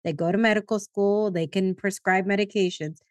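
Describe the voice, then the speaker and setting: A woman's voice: medium pitch, steady tone, moderate pace, no echo. Sympathetic woman host in a dry room. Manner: empathetic, reacts with sympathy. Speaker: podcast host. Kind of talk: interview conversation.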